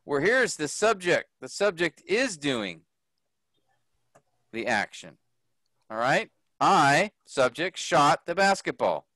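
A man teaching a grammar lesson to a group, slow and patient, often checking that the class follows. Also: fairly high pitch, sing-song, pushed and bright, no echo. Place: workshop room.

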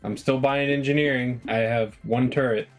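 Brief: male co-op gamer, chatty, quick to laugh, mid-pitched voice, faint music under it. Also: steady tone. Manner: joking, laughs often. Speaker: co-op game player. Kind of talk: casual gameplay chat.

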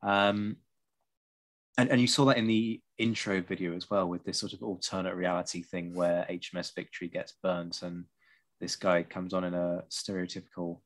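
A man with a very low, deep voice hosts a casual talk about a strategy game as he plays it. He speaks in a measured way with dry, wry asides, often pausing to weigh his words. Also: little pitch movement. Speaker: podcast host. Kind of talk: casual discussion while playing.

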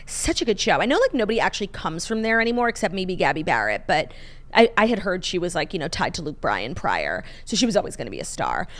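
A woman's voice: fairly low pitch, very animated, fast, fairly bright tone. A young woman co-hosting a casual podcast, gushing and swearing freely, with lots of fillers. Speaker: podcast co-host. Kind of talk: casual chat.

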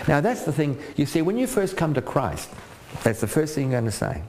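An older man preaching with real emphasis, his voice climbing high as he acts out pleading lines and dropping low and earnest for his own points. He keeps checking in with the congregation between thoughts. A faint noise sits under the recording. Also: big pitch swings, a little fast. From Australia. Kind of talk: sermon.

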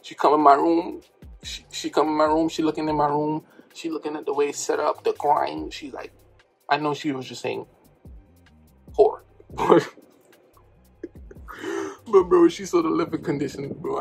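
A young man from New York telling a comedic storytime in slangy, animated speech with loud outbursts. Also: fairly high pitch, normal speed, gravelly, faint music behind. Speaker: vlogger.

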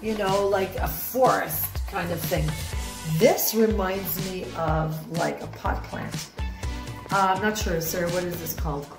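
A woman's voice: on the low side, unhurried, gravelly. A middle-aged woman giving a rambling, enthusiastic tour of her houseplants at home, often unsure of their names. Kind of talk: casual home video tour. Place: home room with plants. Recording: roomy home echo with music behind.

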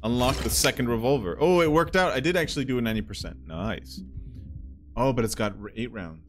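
This man's medium-pitched voice swings widely in pitch as he moves briskly through playful let's-play commentary, a bit bright in tone. Video game music plays underneath while he chants gunshot noises.

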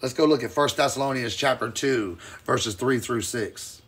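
With a medium-pitched, slightly rough voice, this preacher leads a Bible teaching streamed live. He surges from loud to quiet with fiery emphasis and reads the scripture passages slowly and carefully.

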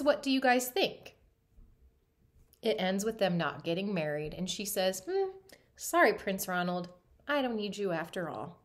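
A woman teacher reading a picture book aloud to a class, stopping often to ask the students questions in an animated way. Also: mid-range voice.

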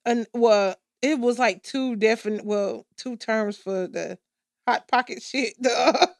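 A woman's voice: a little high, unhurried, creaky, dry recording, clean studio sound. A woman co-hosting a casual podcast chat, sounding exasperated and repeatedly saying she is done. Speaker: podcast co-host.

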